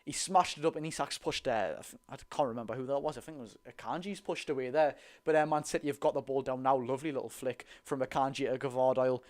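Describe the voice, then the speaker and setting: A young man with a Geordie accent doing a live watch-along of a football match, chatty and excitable, talking to his viewers. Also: medium pitch, fast, hardly any pauses. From North East England. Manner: excitable, chatty, talks to the chat and the lads. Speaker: football fan streamer.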